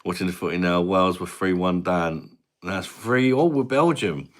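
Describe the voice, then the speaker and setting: A British man hosting a casual live-stream beer review, his voice sitting low and deep. He banters loosely with viewers, laughs a lot and drops the odd casual swear word. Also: normal speed. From Britain.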